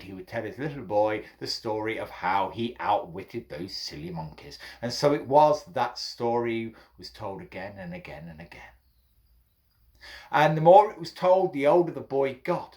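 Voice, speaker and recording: A man tells a children's folk tale in a playful manner, calling his listeners his friends. His voice swoops up and down in lively, animated bursts. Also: mid-range voice. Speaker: storyteller.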